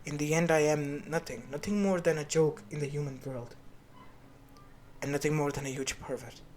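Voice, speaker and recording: A man's voice: a little high, steady tone, normal speed, a little mellow, slight background noise, close to an everyday voice. A man voicing a remorseful male king of the gods in a fan story, with an earnest, apologetic manner and faint lofi music behind.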